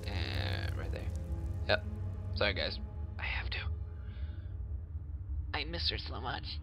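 A man's voice: on the low side, big pitch swings, slow pace, over music. A man casually commenting on his own gameplay, joking and talking to himself. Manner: playful, jokey, talks to himself. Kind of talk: casual let's-play commentary.

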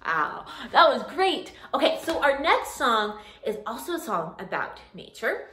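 A young woman leading children's singing time, speaking gently and encouragingly between songs. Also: on the high side, very animated, moderate pace. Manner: gentle, encouraging, sings along. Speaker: children's music leader.

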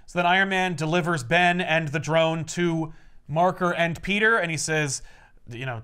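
A man's voice: a little high, moderate pace, sharp tone, clear, resonant tone. A man co-hosting a podcast, casually recapping a comic with rambling filler-heavy narration and wry asides.

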